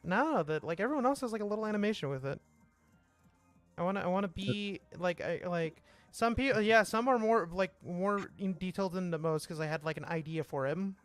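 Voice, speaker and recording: A man's voice: high-pitched, fairly quick, faint music behind. A man streaming a game jam, chatting casually with friends and rambling with lots of fillers. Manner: rambling, full of fillers and restarts. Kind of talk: casual chat with friends on a voice call.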